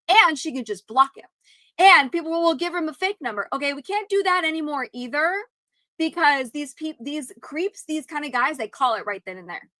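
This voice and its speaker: Woman co-host, fairly high, forceful voice, blunt and emphatic. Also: no echo. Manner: emphatic, outspoken, swears freely. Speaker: podcast co-host. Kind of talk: casual chat.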